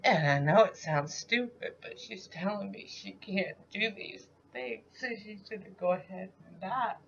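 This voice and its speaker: A woman giving a raw, halting account of a dream she just had, rambling and full of fillers. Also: mid-range voice, gravelly, a little hiss or hum. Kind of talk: raw spoken dream recount. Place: at home, in the middle of the night. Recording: dull lo-fi home recording.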